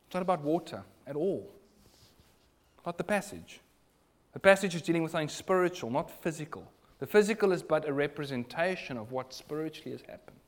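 A man preaching a sermon, earnest, moving between loud emphasis and hushed asides. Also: on the high side, expressive, brisk.

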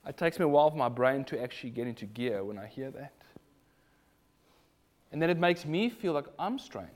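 A man with a South African accent preaching a sermon in an animated, rhetorical way. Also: mid-range voice, fairly quick, long pauses. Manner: animated, rhetorical, mimics other voices in quotes.

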